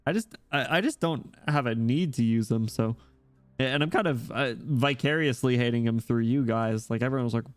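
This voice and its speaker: Casual gaming commentary comes from a man who jokes, swears, laughs easily, and reads dialogue aloud in a crude style. His mid-range voice keeps a moderate pace over soft background music.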